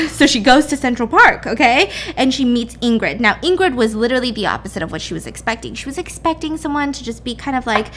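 Casual woman rambling thru a story, kinda high voice, a little hiss behind her. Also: lively intonation, fairly quick, hardly any pauses, a bit bright. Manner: chatty, rambling, acts out quotes with swearing. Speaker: podcast host.

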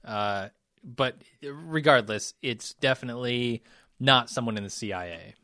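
A man co-hosting a podcast, chatting in a measured, analytical way. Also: mid-range voice, pushed and bright, no room sound, studio quality. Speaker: podcast co-host. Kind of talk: casual chat.

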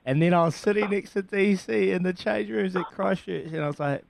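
A man's voice: high voice, brisk, gravelly, no echo. A man hosting a casual chat, jokey and matey. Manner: jokey and matey, calls people bro and mate. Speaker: host.

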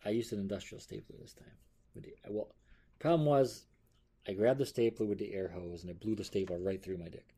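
A man's voice: lowish voice, a little fast, mellow, husky. A man co-hosting a podcast in casual chat, joking and rambling with crude humor. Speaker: podcast co-host.

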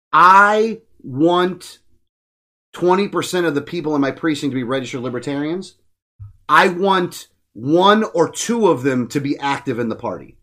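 A man's voice: a little high, pushed and bright. Man, podcast host, profane, blunt, fired-up ranting, casual chat.

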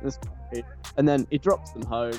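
A man's voice: mid-range voice, normal speed, soft background music. A man chatting enthusiastically and gushing about a show he loves, restarting his sentences often. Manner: animated, gushing, with frequent restarts. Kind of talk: casual enthusiastic chat.

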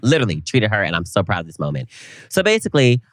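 A young man co-hosting a podcast, telling a story in animated casual chat and quoting people in big voices. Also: on the low side, quick pace, no echo, studio quality. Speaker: podcast co-host.

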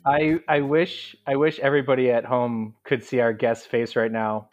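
A man in his thirties co-hosting a podcast in casual chat, halting and often repeating his words. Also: mid-range voice, flat delivery, lo-fi sound, soft background music. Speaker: podcast co-host.

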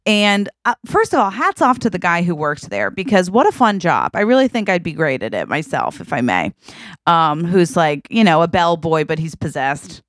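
A young adult woman co-hosting a podcast, telling a story in an animated, dramatic way and tagging lines with "okay?". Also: on the low side, moderate pace, no echo, clean studio sound. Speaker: podcast co-host. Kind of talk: casual storytelling chat.

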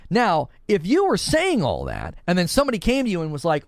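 A man's voice: sits high, huge pitch swings, fairly quick, few pauses, no room sound, clean studio sound. A man hosting a casual gaming livestream, talking through examples and acting out imagined quotes.

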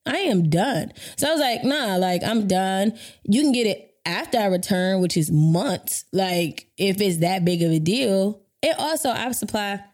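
Animated, profane woman telling a story. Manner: animated, profane, laughs often, jumps into high voices for quotes. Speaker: podcast host and business owner. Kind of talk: casual storytelling monologue.

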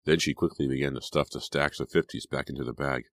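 A man reading an audiobook in scripted narration, telling the story in a measured way. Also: very deep voice, steady tone, creaky, no echo, clean studio sound.

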